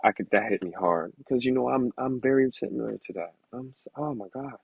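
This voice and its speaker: A man reading aloud slowly, sounding out hard words, then talking candidly and casually about his past. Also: mid-range voice, vocal fry, husky, narrow, tinny audio. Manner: slow halting sounding-out of words, then candid rambling asides. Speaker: vlogger learning to read.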